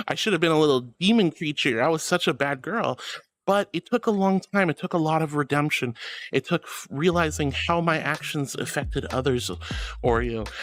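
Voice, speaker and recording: A woman streaming as a VTuber, reading chat aloud with a playful, affectionate manner and frequent laughs. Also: deep voice. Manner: affectionate, calls viewers darling.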